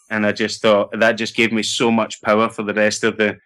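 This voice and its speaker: A middle-aged Scottish actor telling lively anecdotes in a casual interview, laughing and acting out what others said. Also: male voice, on the low side, normal speed. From Scotland. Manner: animated anecdotes with laughter and acted-out quotes. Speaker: actor guest.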